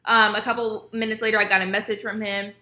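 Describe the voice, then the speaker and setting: Bright-voiced young woman telling a story. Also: mid-range voice, fast. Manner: animated, acts out quotes of others. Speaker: vlogger. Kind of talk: casual storytime. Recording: echoey room.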